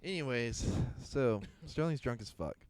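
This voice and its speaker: A man's voice: mid-range voice, animated, unhurried, clear, resonant tone, no echo. A young man co-hosting a podcast, telling a story in casual chat, laughing often and swearing freely. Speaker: podcast co-host.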